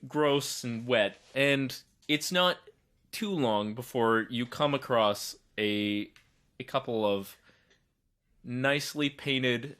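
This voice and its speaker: A man's voice: mid-range voice, fairly bright tone. A man running a tabletop game as game master, setting scenes in a loose, descriptive way with lots of hedging fillers.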